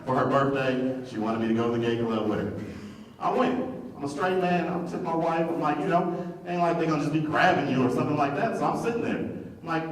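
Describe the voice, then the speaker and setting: A man's voice: fairly high pitch, a little fast, a little hiss or hum. A man from Detroit doing a stand-up comedy set, brash and profane, baiting the crowd, on a comedy club stage. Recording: echoey club hall from far off, crowd.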